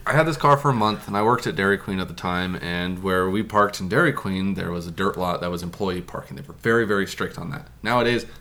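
A man's voice: low-pitched, quick pace, hardly any pauses, bright, forceful tone. A young man telling a story in casual podcast chat, laughing often and swearing freely.

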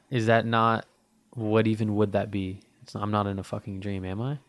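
A podcast host delivers a casual, rambling monologue in a lowish voice that barely shifts in pitch, at a moderate pace and with no room sound. He swears often, leans heavily on fillers, and sounds dry-mouthed from thirst.

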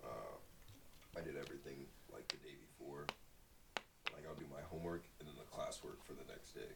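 A young man, a podcast guest, chatting casually and profanely, often quietly. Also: very deep voice, a little fast, gravelly, recorded from a distance, very noisy. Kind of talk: casual chat.

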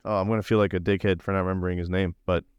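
A man's voice: sits low, flat delivery, very fast, clean tone, dry recording, clean studio sound. A young man bantering in a casual comedic way, rambling and laid-back, saying "dude" constantly.

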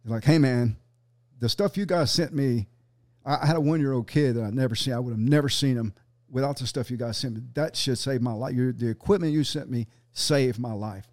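A man's voice: mid-range voice, a little fast, a little mellow. A man telling earnest war stories on a casual podcast, swearing freely. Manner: earnest, swears freely, acts out quoted dialogue. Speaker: sniper instructor guest.

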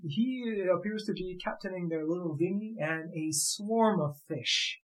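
A man narrating a tabletop role-playing game as game master, describing scenes in a playful, animated way. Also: high voice, a little slow, rough recording.

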